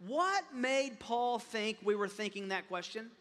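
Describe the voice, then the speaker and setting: A man preaching a sermon as a pastor, impassioned, often repeating words and rising to loud emphatic peaks. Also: high-pitched, expressive, a little slow. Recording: long reverb of a large hall.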